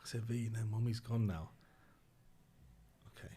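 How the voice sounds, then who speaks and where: A middle-aged man, a podcast guest telling a personal story in a subdued, halting, emotional way with restarts. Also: medium pitch, warm tone, husky.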